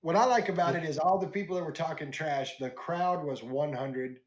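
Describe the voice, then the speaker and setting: A man's voice: a little high, moderate pace. A man casually recapping wrestling on a podcast, acting out the wrestlers' lines as he tells it. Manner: animated storytelling, acts out wrestlers' lines. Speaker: podcast host.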